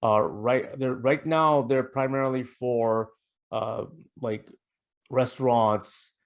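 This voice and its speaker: A man speaks at an ordinary pitch in a relaxed political conversation. He pauses on fillers, then lands blunt, pointed lines. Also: vocal fry. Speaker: podcast co-host. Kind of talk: casual political chat.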